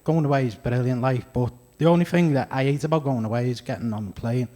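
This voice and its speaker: A man's voice: mid-range voice, fast talker, dark tone. A man with a Scouse accent doing a stand-up comedy set on a club stage, chatty and self-deprecating, with crude punchlines. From Liverpool area, England.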